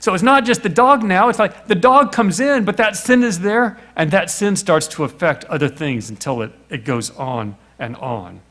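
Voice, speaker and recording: A man's voice: high voice, lively intonation, moderate pace, few pauses, sharp tone. A middle-aged man preaching a sermon, telling the story with little acted voices and rhetorical questions.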